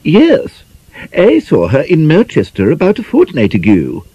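A man's voice: on the high side, wildly swooping pitch, a little slow, dark tone, breathy edge, pitched above the performer's own voice, full character voice. A man voicing an affected, prim woman who is easily shocked, speaking in a genteel, mannered way. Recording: dull, muffled audiobook recording.

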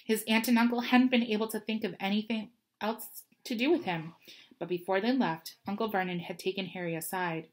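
A woman reads a storybook chapter aloud, steady and expressive. Her voice sits in a middle range for a woman. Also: medium pitch, fairly quick. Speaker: reader. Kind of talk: storybook reading.

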